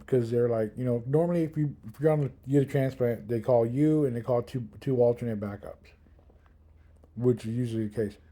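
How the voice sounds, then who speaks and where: A man in his thirties telling a long personal story in a loose, rambling way, full of fillers. He livens it up by acting out quotes from the people around him. His voice is mellow, sitting at an ordinary pitch. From Milwaukee area. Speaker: kidney transplant patient.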